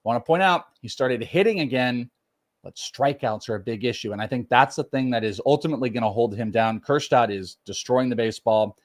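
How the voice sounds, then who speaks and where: A man's voice: medium pitch, fairly quick. A man in his forties, co-hosting a podcast, chatty and self-deprecating as he gives baseball updates. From United States. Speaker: podcast co-host, prospect analyst. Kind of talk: casual fantasy baseball chat.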